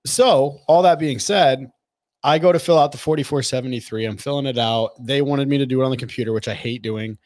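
Animated man telling gun store stories. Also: medium pitch, fairly quick. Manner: animated, profane, quotes people in their voices. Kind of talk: casual storytelling chat.

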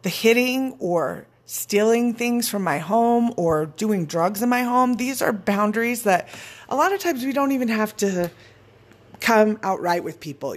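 A woman's voice: fairly high pitch, lively intonation, measured pace. A woman giving a frank, casual motivational talk. She swears freely and laughs often. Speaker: speaker on personal boundaries.

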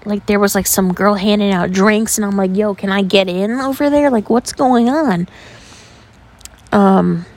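A young woman from New York, a podcast host, telling stories in a chatty, animated way, full of "like" and casual swearing. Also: mid-range voice, normal speed, hardly any pauses. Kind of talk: casual storytelling.

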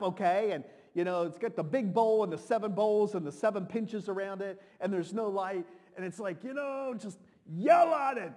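Male preacher, high pitch, animated and repetitive delivery, reverberant sanctuary. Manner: animated, repeats words, shouts to dramatize. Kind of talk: sermon. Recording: long reverb of a large hall.

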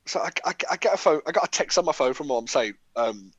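A man, telling stories in a casual chat, animated and laughing often. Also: mid-range voice, fast, hardly any pauses, dry recording, muffled recording. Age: 20s. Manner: animated storyteller, laughs often, acts out quotes.

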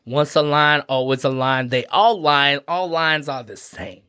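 A man putting on a high sassy hare girl. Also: unhurried, pushed and bright, clear, resonant tone. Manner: sassy, high-pitched and drawling. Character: sassy gossiping female hare matchmaker.

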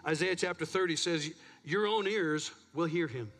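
A man's voice: fairly high pitch, moderate pace, fairly bright tone. A man pastor preaching a sermon in a church, chatty and self-deprecating, a bit out of breath. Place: church sanctuary.

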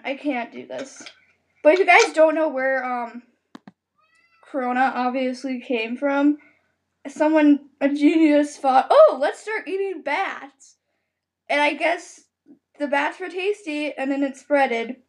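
High-voiced panicky woman podcaster. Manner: panicky and dramatic, exclaiming often. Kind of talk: casual podcast, reading out news. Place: in her bed at home.

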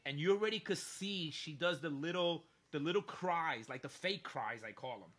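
A man telling a story in casual chat, animated and profane, often laughing mid-sentence. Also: fairly high pitch, moderate pace. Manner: animated, profane, laughs through his stories.

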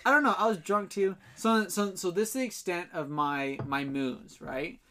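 A man's voice: high voice, normal speed, bright, forceful tone. Rambling young man telling a story. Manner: rambling, filler-heavy, swears often, laughs while telling. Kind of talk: casual storytelling chat.

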